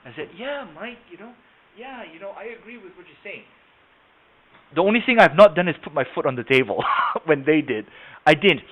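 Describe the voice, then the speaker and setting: Man teaching over tinny call audio. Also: fairly high pitch. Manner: conversational, asks the class questions, repeats words. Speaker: sales trainer. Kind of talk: live webinar training.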